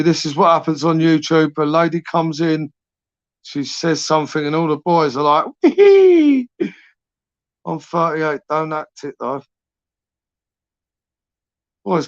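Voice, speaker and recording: A man in his forties, talking a little high for a man as he hosts a late-night live stream. He rambles through chat messages with sweary, matey banter. The sound is dry and dull, like lo-fi stream audio. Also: no echo. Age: 40s.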